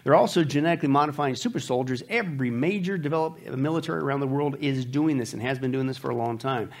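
A man's voice: mid-range voice, fast talker. Emphatic man hosting a commentary show. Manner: emphatic, preachy, addresses listeners as folks. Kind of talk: opinionated commentary.

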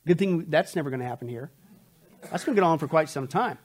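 A man teaching a Bible prophecy study, emphatic and sarcastic, with quick asides. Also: fairly high pitch, expressive, darkish tone. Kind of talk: sermon-style Bible study lecture.

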